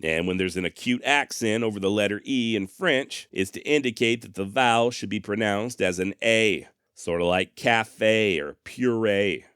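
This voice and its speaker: A man's voice: on the low side, normal speed, few pauses, a bit bright, clear, resonant tone, no room sound, studio quality. A man hosting a history podcast, joking at his own expense with a sarcastic, folksy humor. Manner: self-deprecating, sarcastic humor. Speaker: podcast host. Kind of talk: casual history podcast narration.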